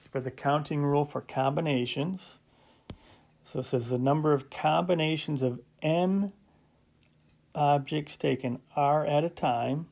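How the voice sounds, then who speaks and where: A male math instructor with a high-leaning, darkish voice and vocal fry teaches a recorded lecture. He goes step by step, conversational, with joking asides and regular "right?" checks.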